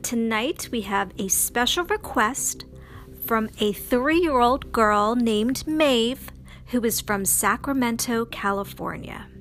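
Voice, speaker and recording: High-voiced woman telling a kids' bedtime story, slow and lilting, soft music behind. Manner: slow, sing-song, dramatic ups and downs. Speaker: children's storyteller. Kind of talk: bedtime story narration for children.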